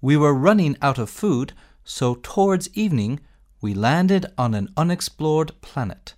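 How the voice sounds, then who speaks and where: A man reading textbook audio, slow and clear, narrating a story and giving exercise instructions. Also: fairly high pitch, expressive, darkish tone. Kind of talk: scripted narration.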